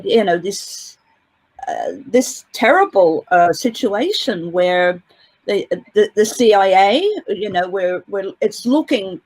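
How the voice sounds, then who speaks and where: A woman with a mid-range voice speaks as a guest commentator on a court case in a casual interview, and the recording is rough. She talks in long, winding sentences, hesitating often, restarting, and leaning on plenty of fillers.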